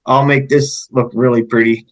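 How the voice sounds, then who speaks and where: A Canadian man hosting an interview, asking easygoing questions with halting restarts. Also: medium pitch, little pitch movement, rough recording. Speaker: podcast host.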